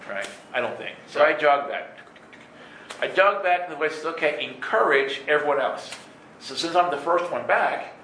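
A man telling stories from his life in an animated way, laughing and acting out voices. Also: mid-range voice, a little hiss or hum. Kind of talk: storytelling talk. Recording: echoey room with faint ambience.

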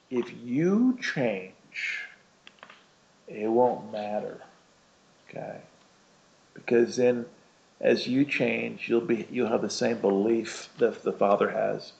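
A man's voice: mid-range voice, gravelly, darkish tone, highs cut off. A man preaching a conversational sermon, rambling through a personal story with lots of "you know" and "right?".

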